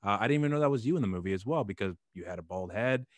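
A man's voice: fairly low pitch, animated, rapid-fire, no room sound. A man hosting an interview show, asking long questions full of hesitations and restarts, openly a fan. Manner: hesitant, many fillers and restarts, eager fan. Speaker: podcast host.

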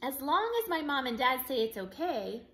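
An eager, earnest six-year-old boy, as a woman reading a picture book puts him on speaks politely and proudly in a bright, sharp tone. His voice rises and falls with lively energy. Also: sits high, moderate pace, pitched above the performer's own voice.

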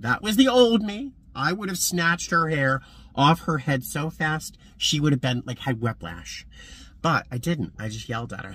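Expressive, chatty man vlogging from his car. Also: medium pitch, husky. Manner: chatty, expressive, swings to loud exclamations. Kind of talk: casual vlog chat. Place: in a car and around a parking lot.

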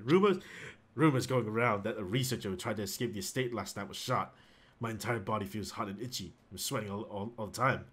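A man voicing a video-game animal keeper who is slowly rotting into a zombie. His diary is read in a bright, steady voice, flat at first and then falling into broken, rambling words. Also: on the low side, slightly rough.

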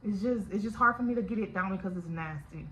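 A woman's voice: mid-range voice, quick pace, pushed and bright, slight background noise, low-quality recording. A woman with a Louisiana accent, chatting candidly and directly to her viewers in a casual video diary. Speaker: vlogger. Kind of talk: casual chat to camera.

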